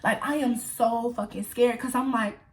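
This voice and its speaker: A young woman vlogger telling a casual storytime to her viewers, animated and profane, often calling them y'all. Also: fairly high pitch, moderate pace.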